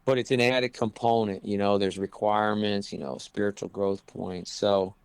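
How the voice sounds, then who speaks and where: Man, basketball coach, rambling casual talk, gravelly voice, dry sound. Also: fairly low pitch, steady tone, normal speed, dry recording. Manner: rambling, frequent "you know" fillers. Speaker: college basketball head coach. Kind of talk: casual podcast interview.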